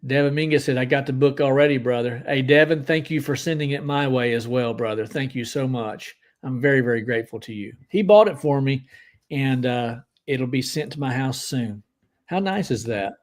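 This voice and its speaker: A man's voice: medium pitch, moderate pace. Upbeat man reading viewer comments. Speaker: podcast co-host. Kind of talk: casual live-stream chat.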